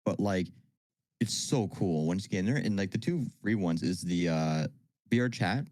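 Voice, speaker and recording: A man's voice: deep voice, animated, moderate pace, a little mellow, no echo. A young man co-hosting a podcast, telling stories in a laid-back, rambling way. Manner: laid-back storyteller, lots of fillers. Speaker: podcast co-host. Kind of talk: casual chat.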